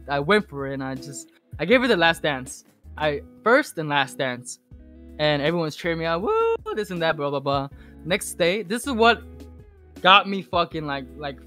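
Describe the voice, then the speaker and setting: A man being interviewed as a podcast guest, telling a casual story full of swearing and restarts. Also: fairly high pitch. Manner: rambling, heavy swearing, animated retelling.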